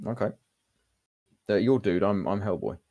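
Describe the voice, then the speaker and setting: A man's voice: fairly low pitch, moderate pace, mellow. A man giving casual, chatty game commentary, thinking aloud as he goes.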